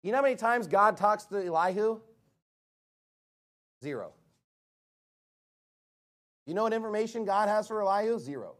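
A man with a fairly high voice delivers a sermon from the pulpit. He is emphatic and blunt, firing off rhetorical questions and answering each with a single punchy word. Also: animated, moderate pace, pauses often, fairly bright tone. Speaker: preacher.

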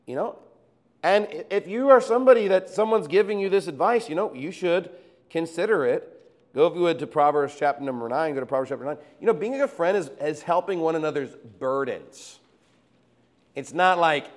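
A man's voice: fairly high pitch, animated, normal speed. A male pastor preaching a sermon in a conversational way, reading scripture and acting out everyday quotes.

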